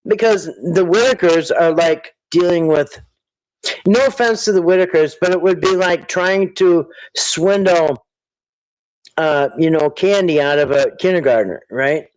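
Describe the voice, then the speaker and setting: A man with a fairly high voice hosts a casual livestream, rambling and thinking aloud while answering viewer chat and quoting people in put-on voices. The recording is rough.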